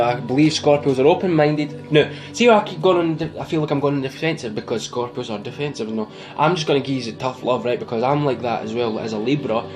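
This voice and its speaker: Speaking at a medium pitch with a darkish tone, a tarot reader with a Scottish accent wanders casually through a reading to camera. He teases the audience and laughs at his own expense over background music.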